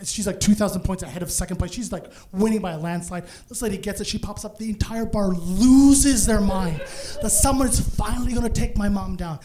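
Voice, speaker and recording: High-voiced man doing stand-up. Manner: animated, fast storytelling with asides. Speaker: stand-up comedian. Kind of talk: live stand-up storytelling. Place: comedy venue stage.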